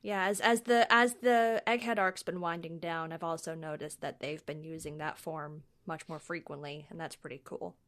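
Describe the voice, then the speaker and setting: A woman's voice: sits low, steady tone, moderate pace, few pauses, fairly bright tone. A woman co-hosting a podcast, casually recapping a comic chapter. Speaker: podcast co-host.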